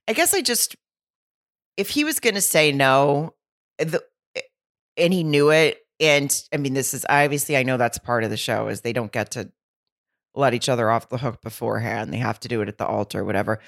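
Female co-host, very low voice, rambling conversational delivery. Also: moderate pace, creaky, long pauses. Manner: rambling, restarts, animated retelling. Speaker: podcast co-host. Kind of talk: casual chat.

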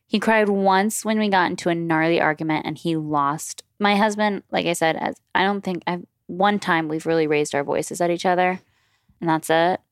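A woman in her thirties speaks in a lowish voice, telling personal stories in a frank, confessional way. It is a casual podcast chat at home, recorded dry on a close mic. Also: fairly even intonation, moderate pace, clear, resonant tone, no echo. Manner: candid, confessional storytelling. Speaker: podcast guest.

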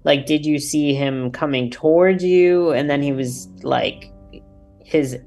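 A woman with a very deep voice asks the guest careful, probing questions about his experience. Faint music plays underneath. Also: slow, warm tone. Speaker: co-host. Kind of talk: casual chat.

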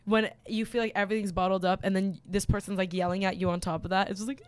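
A woman's voice: medium pitch, level tone, quick pace, clean tone, no room sound. A young woman guest in a casual podcast chat, blunt, swearing freely and laughing often.

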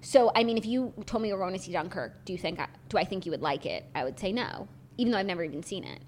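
A young woman co-hosting a podcast in casual chat, animated and rambling, swearing casually. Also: lowish voice, racing, a little hiss or hum. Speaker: podcast co-host.

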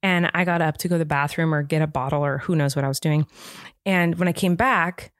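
A woman in her thirties co-hosting a podcast, telling family stories in a lively, animated way. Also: low voice, fairly quick, dry recording, studio quality. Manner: animated storytelling with laughter. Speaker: podcast co-host. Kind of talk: casual chat.

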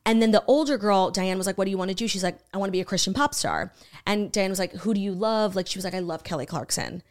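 A woman's voice: mid-range voice, fast. Podcast lady retelling a true crime doc, swears a lot, does little voices for the quotes. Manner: animated, swearing, acts out quotes. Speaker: podcast co-host. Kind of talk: casual chat, retelling a true crime documentary.

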